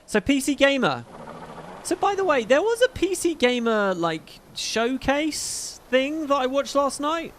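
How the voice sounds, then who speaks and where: A man's voice: very high-pitched, big pitch swings, unhurried, a bit bright, slight background noise. A man hosting a casual livestream, chatting in a rambling, profane way with frequent asides. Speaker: livestream host.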